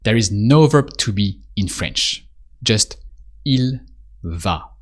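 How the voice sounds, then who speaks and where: A man giving a spoken language lesson, patiently repeating prompts and pausing for the listener to answer. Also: fairly low pitch, lively intonation. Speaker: French teacher.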